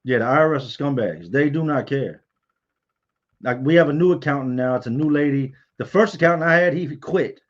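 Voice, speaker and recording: A man's voice: on the high side, animated, brisk, dull audio. A man hosting a casual livestream, candidly telling personal stories and answering viewer comments. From Virginia, US.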